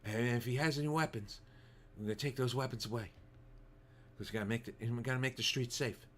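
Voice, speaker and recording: A man putting on the voice of a middle-aged action-star cop, soft, mumbled and halting. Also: mid-range voice, natural voice. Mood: mumbling.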